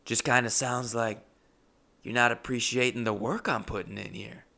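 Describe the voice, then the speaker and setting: Brief: man putting on a stubborn tattoo guy, slangy, gravelly, a touch quieter than the teller. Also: medium pitch, fairly even intonation, moderate pace. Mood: resentful.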